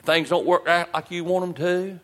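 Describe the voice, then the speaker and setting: Pastor preaching in a reverberant church. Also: male voice, sits high, fairly even intonation, fairly bright tone. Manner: repetitive rhetorical questions, drawn-out emphasis. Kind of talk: sermon.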